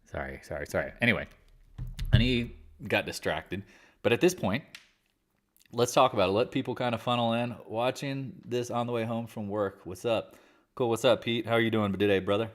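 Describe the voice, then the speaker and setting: A man's voice: on the low side, normal speed. A man hosting a casual live market chat, talking in a blunt, rambling and exasperated way. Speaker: market commentary host.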